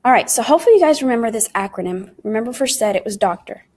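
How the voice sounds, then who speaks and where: A woman's voice: on the high side, expressive, racing, darkish tone. A woman teaching a recorded Spanish lesson, speaking in English. She walks through the material patiently and keeps calling the class "guys". She drops Spanish words and conjugations in between her English. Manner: patient, explains step by step and often calls the class "guys".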